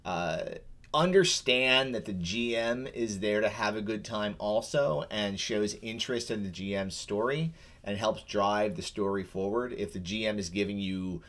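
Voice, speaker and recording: Low-voiced male co-host, rambling casual chat. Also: moderate pace, fairly bright tone. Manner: rambling, teasing, many restarts. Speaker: podcast co-host. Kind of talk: casual chat about tabletop games.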